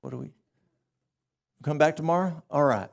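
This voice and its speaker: Gravelly-voiced man, health workshop presenter at a church, animated storyteller who acts out the dialogue. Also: fairly high pitch, moderate pace.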